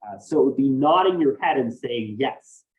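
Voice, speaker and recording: A man's voice: medium pitch, expressive, moderate pace, phone-quality sound. A man teaching a college class, explaining ideas step by step and often checking in with "right?". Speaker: college instructor. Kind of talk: classroom lecture.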